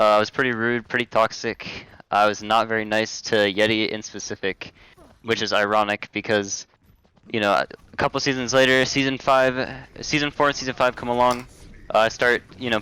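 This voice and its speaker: A man's voice: mid-range voice, little pitch movement, a little fast, pushed and bright, smooth, rough recording. A man speaking as a guest, telling his story in an easygoing way. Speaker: guest, moderator. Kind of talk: casual interview.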